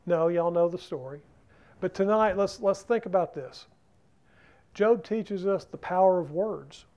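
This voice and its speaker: High-voiced man teaching a Bible class. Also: a little slow, dark tone, muffled recording. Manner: keeps asking the group questions.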